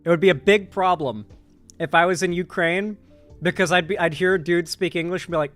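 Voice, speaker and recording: A man's voice: high-pitched, fairly quick, fairly bright tone, soft background music. A young man hosting a political stream, reading chat and rambling casually with restarts.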